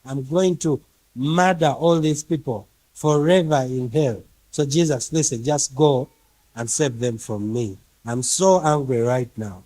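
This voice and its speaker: A man's voice: medium pitch, a little slow, dark tone, no room sound, natural voice, rough recording. A man preaching puts on the voice of a furious, petty male God who rants repetitive threats and sulks about hurt feelings, as a mocking caricature in a sermon. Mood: ranting. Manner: ranting, self-pitying, repetitive threats.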